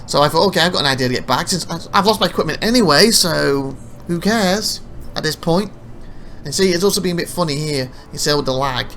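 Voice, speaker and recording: A man's voice: a little high, animated, fairly quick, fairly bright tone, a little hiss or hum. A man narrating his own gameplay footage as a let's play, rambling through anecdotes with frequent restarts. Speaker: gameplay commentator.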